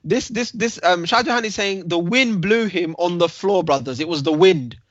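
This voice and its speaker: A man's voice: high voice, normal speed, dry recording. A man, co-hosting a casual live-stream chat and telling anecdotes with acted-out voices. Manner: animated storyteller acting out voices. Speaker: co-host. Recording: dull, muffled audio.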